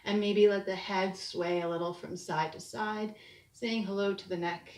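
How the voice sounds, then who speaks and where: A woman leads a short yoga class in a soft, soothing voice, pacing her cues slowly. Her voice sits at an everyday middle pitch. It comes from a little distance, with the echo of a bare room around it. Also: fairly even intonation. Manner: gentle, soothing cues, slowing down. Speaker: yoga instructor. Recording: echoey room, distant mic.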